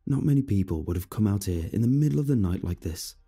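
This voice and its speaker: A man voicing a troubled young man, an old friend, who mutters in a low, guarded way. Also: expressive, quick pace, dark tone, slightly rough, faint music behind. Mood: muttering.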